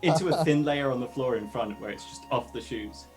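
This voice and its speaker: A man playing a tabletop game, describing his character's actions in a halting, animated way with many fillers. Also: medium pitch, loud music behind the voice. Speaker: player.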